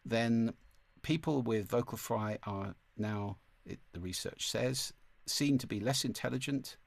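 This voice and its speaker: A man teaching a masterclass on speaking, with a clear, deliberate delivery and occasional vocal demonstrations. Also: mid-range voice, dry recording. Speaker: speaking coach. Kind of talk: online masterclass lesson.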